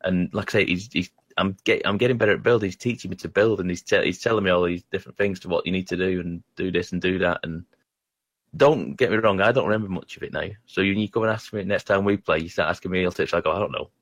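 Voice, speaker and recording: A man in a casual gaming chat, talking in a rambling, halting way and poking fun at his own skills. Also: deep voice, fairly even intonation, fairly bright tone, no echo. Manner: rambling, halting, self-deprecating.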